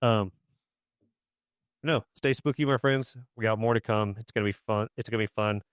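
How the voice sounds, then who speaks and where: A man in his thirties co-hosting a casual podcast, dropping deadpan joking remarks. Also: lowish voice, normal speed, clean tone, dry recording, studio quality. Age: 30s. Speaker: podcast co-host. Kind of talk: casual chat.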